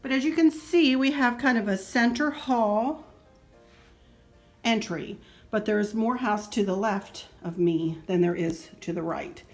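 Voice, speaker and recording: A chatty, sentimental woman in midlife walks through her house, talking about decor with an easy laugh. Her voice is of middle pitch. The sound is roomy and echoey, with faint music behind. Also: measured pace. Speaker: home decor vlogger. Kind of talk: casual home tour narration. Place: indoors in a house.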